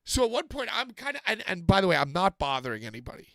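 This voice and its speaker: A man telling a story on a podcast, animated, swearing often and acting out moments. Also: sits high, quick pace, no room sound. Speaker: podcast co-host. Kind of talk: casual comedic storytelling.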